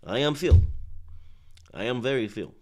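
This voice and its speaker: A man's voice: mid-range voice, lively intonation, darkish tone, a little hiss or hum, natural voice. A man putting on a boastful boxer with a thick Ukrainian accent. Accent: Ukrainian accent put on. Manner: slow, stretched, mock-grand phrasing.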